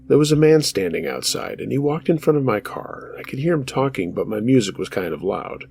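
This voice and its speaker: A man narrating true scary stories in a measured, steady storytelling manner as the show's host. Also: mid-range voice, creaky.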